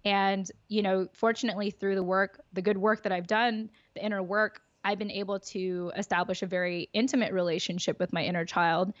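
A woman's voice: medium pitch, no room sound, dull audio. A woman talking openly and reflectively as a podcast guest, laughing often. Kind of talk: casual conversation.

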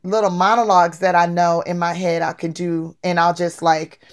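A woman guest telling stories from her life in a casual, lively way, acting out the people she quotes. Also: fairly low pitch, normal speed. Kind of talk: casual storytelling.

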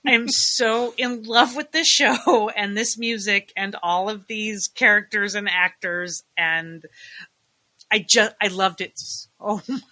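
A woman co-hosting a podcast in casual chat, enthusiastic and quick to laugh. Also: medium pitch, bright, forceful tone. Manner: chatty, enthusiastic, laughs often. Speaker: podcast co-host.

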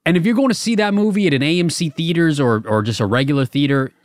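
A man's voice: on the high side, quick pace, no echo, studio quality. A young man co-hosting a podcast, casually telling a long rambling story with many stammers and restarts. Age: young adult. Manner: rambling, stammers and restarts, laughs at own stories. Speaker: podcast co-host. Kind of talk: casual chat.

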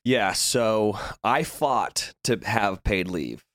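A man's voice: fairly low pitch, drawn-out words, no echo. A man in his thirties, a podcast guest, telling stories in a casual interview with frequent laughs and acted-out voices. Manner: animated storyteller, laughs often, acts out voices.

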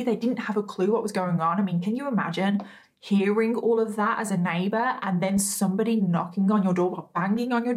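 A woman's voice: mid-range voice, a little mellow. A woman hosting a true crime video, retelling a case casually with frequent asides to her viewers and emphatic disbelief.

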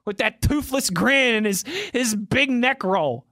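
A man's voice: very high-pitched, animated, unhurried, bright, forceful tone, dry recording, clean studio sound. A young man hosting a casual sports talk show, answering fan tweets off the cuff in a rambling, conversational way.

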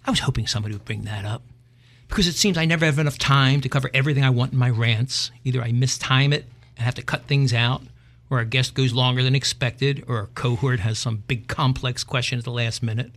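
A middle-aged man at an ordinary mid-range pitch, ranting emphatically on his own show. He wanders into wry asides and then pushes his point home. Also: lively intonation, normal speed, fairly bright tone. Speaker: podcast host. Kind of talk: opinion rant monologue.

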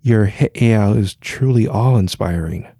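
A grieving priest, fierce and set on vengeance, as a male narrator voices him. The voice is low and gravelly, paced slowly. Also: warm tone, no echo, clean studio sound, full character voice. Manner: fierce, determined.

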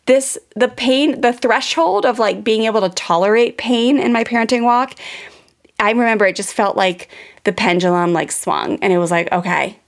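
Gravelly-voiced woman telling a candid parenting story. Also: a little high, normal speed. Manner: candid, confessional, frequent "like" fillers. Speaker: parenting podcast host. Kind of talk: personal storytelling to listeners.

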